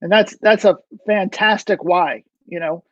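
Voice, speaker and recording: A man's voice: sits high, unhurried, no room sound. A man hosting a livestream interview over a video call, giving short affirmations and then musing aloud. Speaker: show host. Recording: dull lo-fi video call audio.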